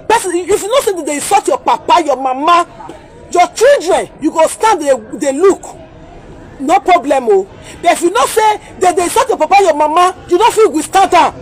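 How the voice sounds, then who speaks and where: High-voiced Nigerian woman ranting outdoors. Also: animated, moderate pace, a faint crowd. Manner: agitated, pleading, repetitive. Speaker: vlogger. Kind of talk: heated rant vlog.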